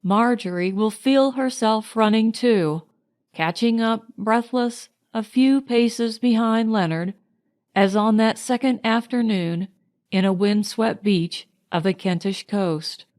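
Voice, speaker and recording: A woman reading a novel aloud in measured, lyrical scripted narration. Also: on the high side, a little mellow. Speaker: audiobook narrator.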